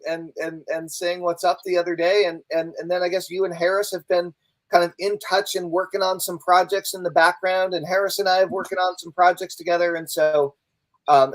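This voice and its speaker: A man's voice: high voice, rough recording. A man co-hosting a live-stream talk show, playful and chatty, teasing his partner. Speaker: co-host. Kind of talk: casual live-stream chat.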